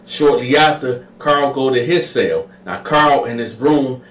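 Brief: casual male storyteller, mid-pitched, slangy, roomy echo from off-mic. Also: a little slow, a bit bright, recorded from a distance. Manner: slangy, addresses listeners as y'all. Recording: echoey room, away from the mic.

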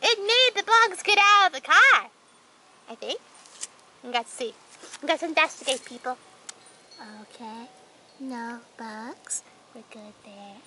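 A woman's voice: high-pitched, slow pace, long pauses. A woman voicing a whole group of toy characters, chattering and squealing through their banter in a playful role-play. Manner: excitable, squealing, chattering banter between figures. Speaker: toy video creator voicing all the characters. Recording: noisy home recording.

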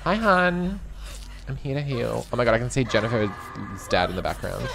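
A man's voice: mid-range voice, sing-song, normal speed, vocal fry, noisy background. A young man playing a video game and commenting as he goes, camp and sassy, swearing freely and breaking into shrieks and laughter. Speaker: gaming streamer. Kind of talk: live gameplay commentary.

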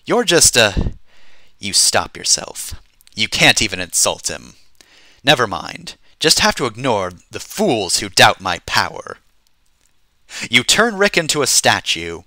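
A man streaming himself reading a text adventure game aloud, in an animated way and chuckling at the story. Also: on the low side, a little slow, no room sound.

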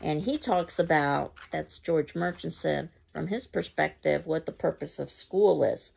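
Woman lecturer, low register, very gravelly voice, measured explanatory delivery. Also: a little mellow. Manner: measured, explanatory, with occasional ums and restarts. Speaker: literature teacher. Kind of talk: recorded literature lecture.

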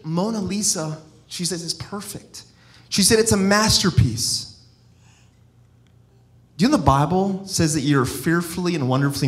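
A middle-aged evangelist preaching in a church with a fairly high-pitched voice. He talks in a free-flowing, personal way, telling stories and breaking off into restarts and asides. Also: fairly bright tone. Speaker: evangelist-missionary. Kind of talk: sermon.

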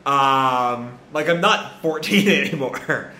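A man with stuffy sinuses and a cracking, mid-range voice reads manga aloud in an echoey room, speaking slowly in a pushed, bright tone over slight hiss or hum. In this casual live reading, he rambles through his reactions, thinking aloud with lots of fillers.

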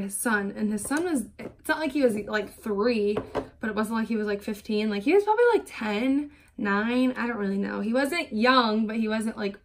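A young woman with a slightly high voice does her makeup while talking casually to camera at home for her vlog. Her get-ready-with-me stories ramble and are packed with "like," and she sounds openly fed up when she vents.

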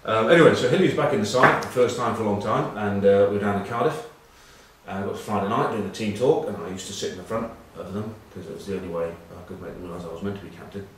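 A low-voiced man in his forties wanders through dressing-room anecdotes with dry, self-deprecating humour. He stumbles over ums and uhs as he talks. The sound is boomy and distant, with heavy room echo and a faint hiss of background noise. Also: fast. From England. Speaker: former rugby captain presenting a web news piece. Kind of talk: casual anecdotal monologue.

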